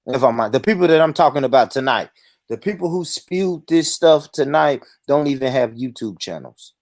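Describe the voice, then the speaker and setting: A man's voice: medium pitch, normal speed, no echo. A man hosting an online panel, talking in a heated, profane way and cutting in on others. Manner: animated, profane, interrupts others. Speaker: show host.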